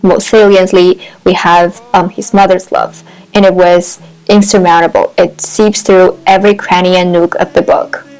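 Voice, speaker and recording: A woman giving a book review on her channel, thoughtful and wordy, with pauses and restarts. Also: fairly low pitch, little pitch movement, a little mellow, clean tone, poor audio.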